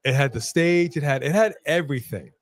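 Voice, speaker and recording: A man's voice: a little high, fairly quick. Laid-back man co-hosting a live stream. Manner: laid-back, laughs often, repeats phrases. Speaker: co-host of a wrestling watch-along stream. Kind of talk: casual live-stream chat reading super chats.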